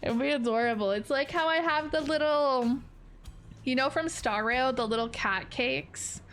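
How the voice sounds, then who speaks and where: A woman's voice: high-pitched, normal speed, fairly bright tone. A woman streaming a game, chatting casually in a giggly, playful way. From Canada. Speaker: VTuber streamer. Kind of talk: casual gaming stream chat.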